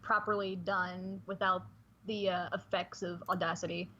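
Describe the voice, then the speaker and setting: A woman's voice: lowish voice, little pitch movement, moderate pace, sharp tone, slight background noise. A woman co-hosting a casual livestream chat, chatty and apologetic. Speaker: stream co-host. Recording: dull lo-fi mic.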